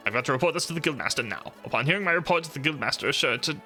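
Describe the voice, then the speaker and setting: A bossy little bird officer scolds in a high, sharp voice, as a man reads the game aloud. The delivery is bright and springy, leaping in pitch. Quiet music plays underneath. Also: animated, very fast. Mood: scolding. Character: shrill bossy male bird guild officer. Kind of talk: reading game dialogue aloud.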